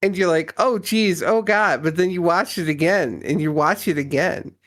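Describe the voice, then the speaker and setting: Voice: mid-range voice, normal speed, a bit bright. A stream guest in casual banter who laughs often, swears freely and teases.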